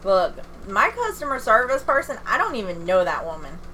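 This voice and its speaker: A woman's voice: mid-range voice, wildly swooping pitch, moderate pace, sharp tone, slight background noise. A middle-aged woman streaming a game from home, chatting candidly and self-deprecatingly with viewers and laughing often. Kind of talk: casual livestream chat.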